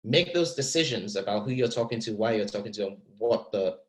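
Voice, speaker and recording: A man teaching an acting masterclass, talking in an animated, encouraging way and repeating words as he thinks. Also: fairly low pitch, brisk, rough recording. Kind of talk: masterclass coaching.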